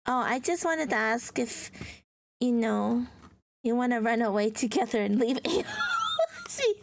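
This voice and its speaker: A woman's voice: on the high side, wildly swooping pitch, moderate pace. A woman streamer chatting live with her viewers, giggly and playful, teasing them with dramatic mock outrage.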